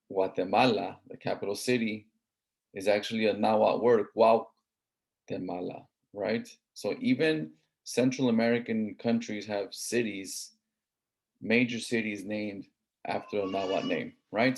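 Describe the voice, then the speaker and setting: Low-voiced Southern Californian man lecturing. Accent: Southern Californian English. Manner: conversational, many fillers and "right?" checks. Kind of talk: classroom lecture.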